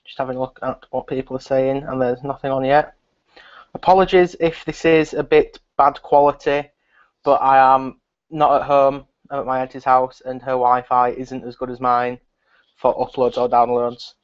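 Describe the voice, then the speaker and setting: Guy rambling to his stream viewers, mid-pitched voice, kinda muffled lo-fi sound. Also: little pitch movement, normal speed. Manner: rambling, chatty, addressing viewers. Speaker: live stream host. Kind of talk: casual live stream chat. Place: relative's house, indoors.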